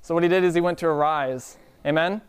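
Clear-voiced male preacher telling stories. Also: a little high, fast. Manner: conversational, calls out "Amen?" to the congregation. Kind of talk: storytelling sermon.

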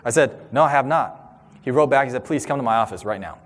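A man in his thirties giving a sermon-style talk, telling a personal story with animated, acted-out voices. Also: mid-range voice, quick pace. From Southern California. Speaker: speaker. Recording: long hall reverb.

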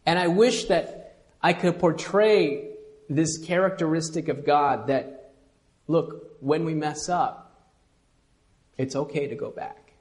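A man preaching a sermon as pastor, swinging from quiet intimate asides to loud emphatic lines and leading the congregation to repeat after him. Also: fairly high pitch, slow pace, pauses often. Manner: leads congregation in call-and-response.

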